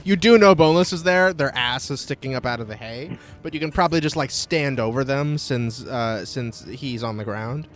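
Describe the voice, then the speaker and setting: A man acting as game master, making rulings in a relaxed way and laughing often. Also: medium pitch, moderate pace, hardly any pauses, faint music behind. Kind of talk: running a tabletop game.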